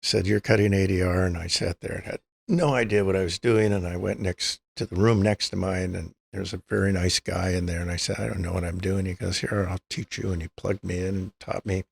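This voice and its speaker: An older man with a low, heavily gravelly voice tells long stories as an interview guest. He acts out what the people in his stories said, and his husky voice sounds dry and close to the mic. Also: steady tone, a little fast, hardly any pauses. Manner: anecdotal, acts out quoted dialogue. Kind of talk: storytelling interview.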